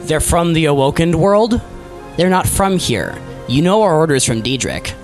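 Guy voicing a fed-up demon lady, tired explaining, pitch jumping up and down. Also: big pitch swings, normal speed, faint music behind. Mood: exasperated. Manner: weary, apologetic explaining. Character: woman demon minion, exasperated.

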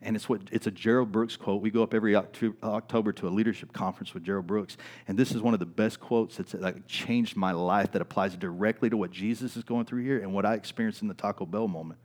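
A middle-aged male pastor preaching in a church, his voice sitting a little low. He tells stories in the sermon, keeps checking in with the congregation, and moves from loud peaks to hushed lines. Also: steady tone, fast, hardly any pauses. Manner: storytelling with frequent "right?" asides, swings from loud to quiet.

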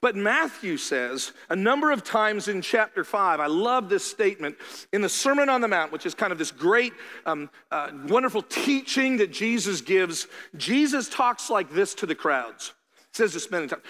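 A man preaching a sermon as a pastor, animated, acting out the voices of his listeners. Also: sits high, normal speed. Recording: long hall reverb.

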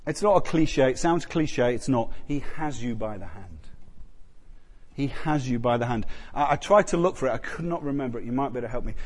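A man preaching a sermon in a conversational way, repeating phrases for emphasis and swinging between loud, intense passages and quiet ones. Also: medium pitch, expressive, fairly quick. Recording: long reverb of a large hall.

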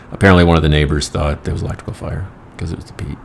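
A man's voice: sits low, rapid-fire, vocal fry, slight background noise. A middle-aged man telling casual, rambling anecdotes in a wry, profane manner. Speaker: storyteller.

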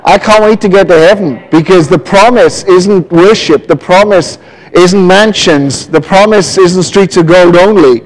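Pastor, male, high voice, animated storytelling sermon. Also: a little slow, low-quality recording. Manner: lively, animated preaching with storytelling.

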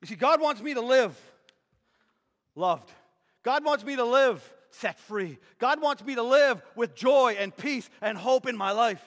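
A male preacher with a very high-pitched voice drives each point home with emphatic repetition. His energetic sermon rings through a church hall. A long reverb trails behind his words. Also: measured pace. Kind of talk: sermon with object lesson.

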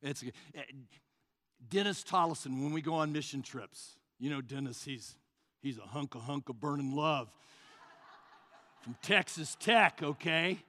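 A male pastor preaching a sermon, swinging between loud, rising passages and hushed, low asides. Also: unhurried, long reverb tail.

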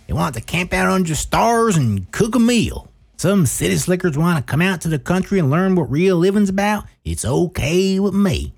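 A man's voice: sits high, very animated, normal speed, creaky, pitched above the performer's own voice, full character voice. A man voicing a folksy small-town male booster with a put-on drawl.

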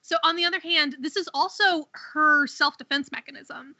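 Woman co-host, enthusiastic, opinionated, very bright high voice. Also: normal speed, no echo. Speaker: podcast co-host. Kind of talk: casual chat about a TV show. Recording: dull lo-fi sound.

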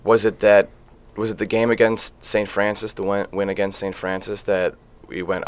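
A man in his late thirties with a somewhat low voice hosts a casual sports podcast from the studio. He talks in a loose, rambling way and fills his sentences with filler sounds. He sounds at ease as he chats with his guests. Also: monotone, moderate pace, clear, resonant tone. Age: late 30s. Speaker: podcast host.

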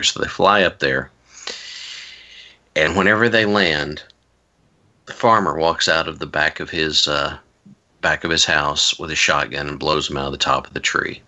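A man's voice: very deep voice, moderate pace, sharp tone. A man telling rambling stories in a casual chat, with wry asides and frequent restarts.

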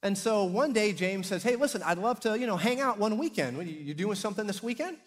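A middle-aged pastor tells stories from the pulpit in a fairly high, bright-edged man's voice. He acts out his characters with energy and raises his voice at the big moments. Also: fairly quick. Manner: animated storyteller, acting out characters and shouting at climaxes. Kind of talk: sermon with storytelling. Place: church hall.

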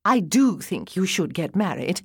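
A woman's voice: on the low side, very animated, unhurried, slightly rough, no room sound, studio quality, exaggerated voice. Woman voicing a mocking older sister. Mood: teasing. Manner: mocking, hooting with laughter. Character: teasing older sister, laughing, lively woman.

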